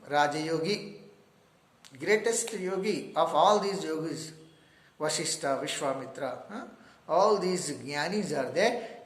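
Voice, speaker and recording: A man's voice: a little high, fairly bright tone. A man with an Indian accent giving a spiritual talk and telling a story, checking in with listeners with little "huh?" asides. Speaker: meditation teacher. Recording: echoey room.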